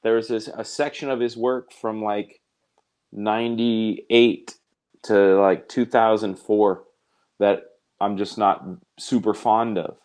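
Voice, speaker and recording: Guy hosting a live art stream, lowish voice, smooth and clear, rambles and jokes, reads chat comments. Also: level tone, slow pace, a little mellow. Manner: rambling, self-interrupting, jokey. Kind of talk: casual chat while reading live comments.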